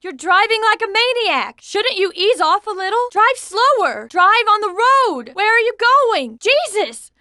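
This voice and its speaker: An actress playing an impatient, demanding taxi passenger in a video game, talking in a sharp, scolding way. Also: female voice, very high voice, very animated, unhurried, few pauses, no room sound, clean studio sound, heavily acted. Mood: alarmed.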